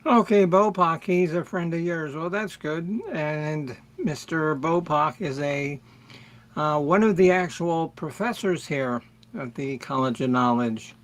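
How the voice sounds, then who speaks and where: A middle-aged man hosting a music livestream, chatting slowly and rambling as he greets viewers by name. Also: fairly high pitch. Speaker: livestream music show host. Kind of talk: casual livestream chat with viewers.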